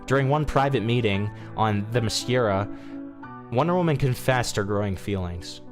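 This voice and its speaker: A man's voice: medium pitch, expressive, moderate pace, music in the background. A male streamer reading a fan story aloud casually, with asides and restarts.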